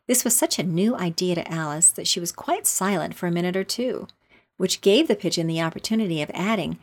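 Woman calmly reading a storybook. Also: lowish voice, fairly quick. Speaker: narrator.

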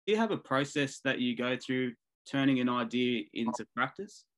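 A man's voice: medium pitch, lively intonation, moderate pace, fairly bright tone, poor audio. A man hosting a podcast, recapping what the guest said before asking his next question. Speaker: host.

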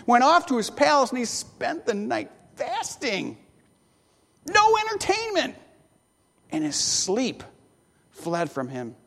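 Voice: mid-range voice, creaky. A preacher tells a story from the pulpit, the voice swinging widely up and down between rhetorical questions and dry jokes. The sound carries a long reverb, as in a large sanctuary. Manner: animated storytelling with rhetorical questions and wry asides. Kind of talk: sermon.

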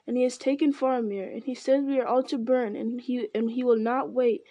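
A woman's voice: high voice, normal speed, warm tone, no echo, voice pushed up, lightly acted. Pippin, a woman doing a frightened young hobbit. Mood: frightened pleading. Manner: breathless, pleading, tumbling words. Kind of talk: audiobook character voice.

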